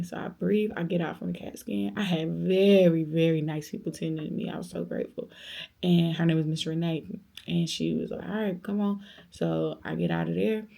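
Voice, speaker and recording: A young woman vlogger telling a personal story in a casual chat, lively and dramatic as she acts out the quoted voices of others. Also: lowish voice, gravelly, breathy edge. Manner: faith-filled, speaks of God, conversational.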